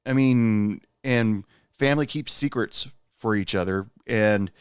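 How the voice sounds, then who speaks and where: A man hosting a podcast, telling a personal story in a casual, rambling way with lots of pauses. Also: on the low side, clean tone, no room sound, studio quality. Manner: rambling, many "uh" pauses, animated when quoting. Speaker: podcast host and bartender.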